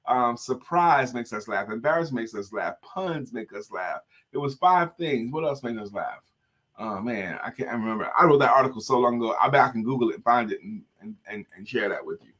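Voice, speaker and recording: Co-hosting a live online talk show, this middle-aged man from the United States trades lively, playful banter in a brisk, mid-range voice.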